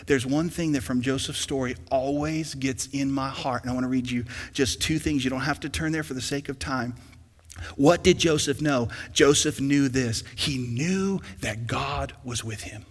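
A male pastor preaching a sermon who swings from hushed to loud and calls for responses from the congregation. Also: mid-range voice, moderate pace, husky, in a large hall.

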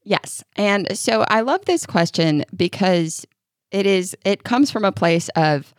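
A woman's voice: mid-range voice, animated, slow pace, dry recording, studio quality. A mother co-hosting a parenting podcast, talking in a thoughtful, personal, conversational way. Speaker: podcast co-host. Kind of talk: casual chat.

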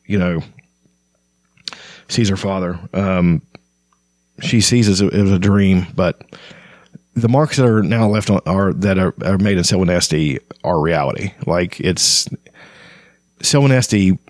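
A man's voice: low-pitched, dry recording. A man hosting a casual book discussion, talking conversationally with frequent fillers and restarts.

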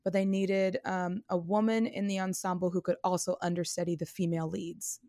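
A woman performer, a guest on an interview show, telling an audition story casually. She is animated and chatty, laughs often and uses many fillers. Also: on the low side, brisk, no echo, clean studio sound.

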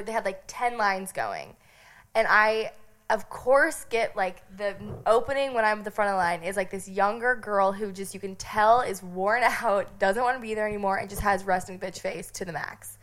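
A young woman from Nebraska telling a lively story on a podcast, laughing often and filling her talk with "like". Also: medium pitch, normal speed. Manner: animated, giggly, lots of "like" fillers. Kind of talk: casual storytelling chat.

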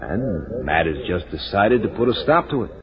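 A theatrical, doomed private eye. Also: male voice, low-pitched, very animated, moderate pace, crowd noise. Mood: brooding. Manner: theatrical, self-pitying. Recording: muffled 1940s radio recording with music.

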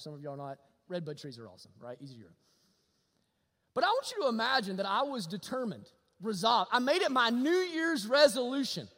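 Male pastor, animated sermon delivery, sharp tone, long hall reverb. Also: high voice. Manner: animated, swings from loud to hushed.

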